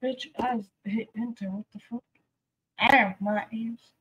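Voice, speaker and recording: A woman hosting a cooking livestream talks in a loose, teasing way and swears constantly. Her voice sits a little high, and she lets her words come out slowly. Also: steady tone, a bit bright, slightly rough, muffled recording. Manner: brash, swears a lot, teasing. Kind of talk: casual livestream chat.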